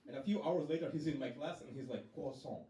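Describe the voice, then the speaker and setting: A male stand-up comedian telling stories deadpan on a club stage, slipping into quick quoted voices. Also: fairly high pitch, very noisy. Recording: roomy club sound from a distance.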